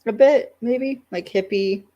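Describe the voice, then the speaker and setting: A woman co-hosting a podcast, casually recapping an episode with lively acted-out quotes and frequent laughs. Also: fairly high pitch, a little slow, muffled recording. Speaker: podcast co-host.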